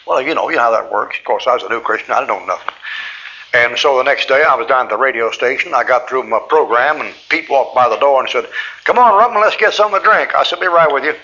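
A man's voice: medium pitch, fast talker, sharp tone, dull audio. A man preaching a sermon, telling a personal story in a folksy way and acting out both sides of each conversation.

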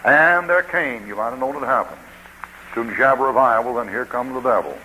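A man's voice: mid-range voice, fairly quick, bright, forceful tone, a little hiss or hum, poor audio. A man preaching a sermon in a folksy, joking way, acting out what people say.

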